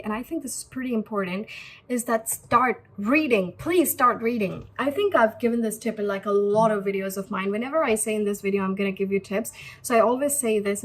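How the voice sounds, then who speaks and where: Young woman from india teaching english, kinda husky, slightly high voice, chatty with lots of fillers. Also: low-quality recording. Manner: chatty, repeats points, many fillers. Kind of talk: casual spoken lesson to camera.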